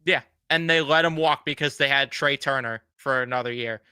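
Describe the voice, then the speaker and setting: A man's voice: medium pitch, a little fast, pushed and bright, smooth, dry recording. A man co-hosting a casual sports podcast, blunt and exasperated, swearing freely. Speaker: podcast co-host.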